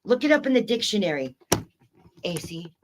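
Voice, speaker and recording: A woman's voice: mid-range voice, big pitch swings, normal speed, background noise. A woman livestreaming, ranting angrily at her chat and swearing in a confrontational way.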